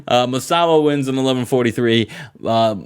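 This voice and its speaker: A man's voice: mid-range voice, fairly quick, clear, resonant tone. A man recapping a game playthrough with a co-host in casual, playful, laughing commentary. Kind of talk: casual let's-play commentary.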